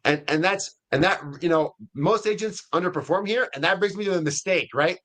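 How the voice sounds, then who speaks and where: A man's voice: sits high, a little fast, a bit bright. A man speaking as a guest in a webinar interview, explaining casually and often checking in with the listener. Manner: conversational, checks in with frequent "right?" and "okay?". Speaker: guest, CEO of an ISA staffing firm.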